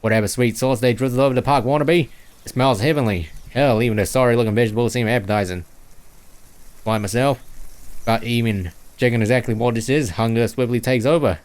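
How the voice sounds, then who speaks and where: A man's voice: mid-range voice, brisk, darkish tone. A young man from New Zealand with a Kiwi accent tinged with Chinese, reading a visual novel aloud on stream and stumbling over words as he goes. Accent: New Zealand mixed with Chinese.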